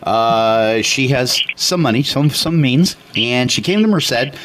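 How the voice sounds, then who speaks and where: A man co-hosting a talk radio show, telling an anecdote in an animated, chatty way. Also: mid-range voice, slow, background noise. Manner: animated anecdote teller, chatty, many fillers. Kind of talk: casual storytelling on talk radio.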